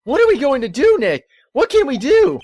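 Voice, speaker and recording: A man voicing an excitable young woman assistant in a video game, shrill and breathless. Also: moderate pace, muffled recording, full character voice. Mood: anxious.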